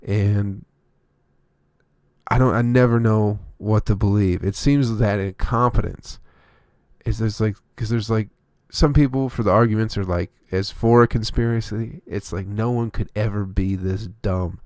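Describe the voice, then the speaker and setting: A man's voice: fairly low pitch, fairly even intonation, measured pace, darkish tone, no room sound, clean studio sound. A man hosting his own comedy podcast, delivering a rambling, profane, opinionated solo rant.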